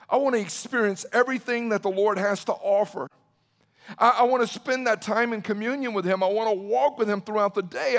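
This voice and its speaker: A male pastor preaching with fervent, repetitive emphasis. He builds to emphatic near-shouting and turns to address people by name. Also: high-pitched. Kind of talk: impassioned preaching talk.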